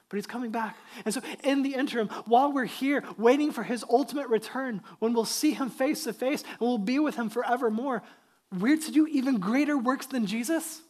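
A man's voice: extremely high pitch, a little mellow. A middle-aged man preaching a sermon as pastor, talking conversationally and building emphasis on key points.

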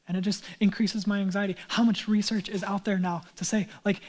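Male pastor, 30s, high voice, earnest conversational sermon, pleading tone. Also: fairly even intonation, a little fast.

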